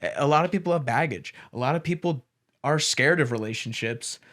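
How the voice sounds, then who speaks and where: A man's voice: a little high, expressive, a little fast, fairly bright tone. A young man co-hosting a podcast, giving rambling, frank advice in casual chat and swearing freely. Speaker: podcast co-host.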